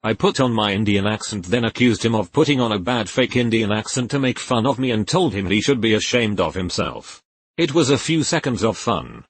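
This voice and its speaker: A man's text-to-speech voice reading forum posts aloud in a flat synthetic way, spelling out links letter by letter. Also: on the low side, moderate pace, breathy edge, no echo.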